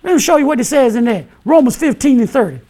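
High-voiced man preaching fiery sermon. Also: very animated, quick pace. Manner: impassioned, preaching in bursts of shouting, colloquial, chuckling. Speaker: pastor.

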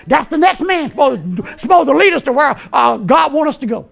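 A man preaching a fiery sermon in a strikingly high voice that rises into bursts of shouting. His tone is bright and forceful, loose and colloquial as a pastor, with chuckles breaking in between points. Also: expressive, brisk, vocal fry, few pauses.

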